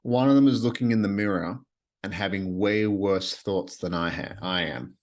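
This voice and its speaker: A man's voice: on the low side, moderate pace, a little mellow. A man hosting his own podcast at night from his apartment, talking alone in an earnest, rambling way that often repeats phrases. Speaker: podcast host. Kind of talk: solo reflective podcast monologue.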